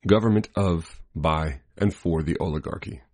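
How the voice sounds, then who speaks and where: A man with a very low voice reads a scripted political commentary at a measured, deliberate pace. He marks each quotation aloud as he goes. The sound is dry and close, with no room around it. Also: a little mellow, no room sound.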